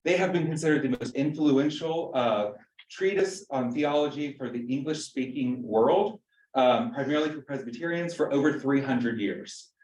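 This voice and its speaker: A man's voice: medium pitch, moderate pace, darkish tone. A man, a pastor teaching an adult church class in a joking, chatty way and quizzing the audience. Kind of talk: informal church class lecture. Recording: roomy room, mic at a distance.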